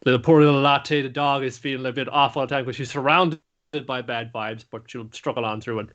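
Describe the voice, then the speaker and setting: A man's voice: medium pitch, fairly even intonation, a little fast, a bit bright, highs cut off. Profane, chuckling man recapping an episode. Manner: loose and profane, breaks into laughter, acts out lines mid-story. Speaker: anime podcast co-host.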